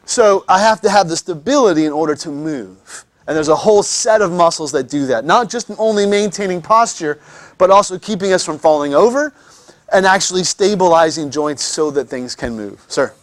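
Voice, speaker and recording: A man's voice: a little high, expressive, normal speed, no room sound. A man teaching anatomy in a classroom lecture, joking with students and often repeating words as he restarts.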